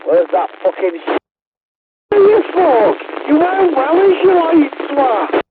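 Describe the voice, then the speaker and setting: A woman's voice: sits high, very animated, takes it slowly, background noise. Manchester woman on cb radio, tinny and staticky, swearing and needling, keeps saying the same insult over and over. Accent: Mancunian. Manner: crude, taunting, repeats insults. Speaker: CB radio operator. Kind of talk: abusive radio banter.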